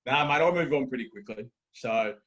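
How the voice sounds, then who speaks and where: A man's voice: medium pitch, a little fast, fairly bright tone, highs cut off. Laid-back Australian man sharing a story. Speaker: guest, football coach. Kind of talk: casual storytelling chat.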